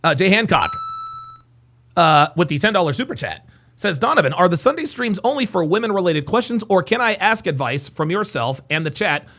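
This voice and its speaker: Animated man with a bright, rising voice. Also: high-pitched, a little fast. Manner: animated, voice rising often, excitable; incredulous, exasperated reactions. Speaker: live-stream host reading super chats. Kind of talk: reaction stream commentary.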